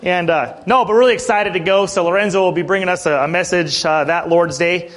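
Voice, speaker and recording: A middle-aged male pastor preaching in a loose, chatty storytelling way, often clearing his throat. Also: sits high, steady tone, brisk, a bit bright. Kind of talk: sermon.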